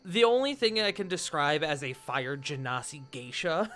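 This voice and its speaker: A man's voice: a little high, very animated, normal speed, a bit bright, faint music behind. A man running a tabletop game as game master, narrating casually with many fillers and restarts.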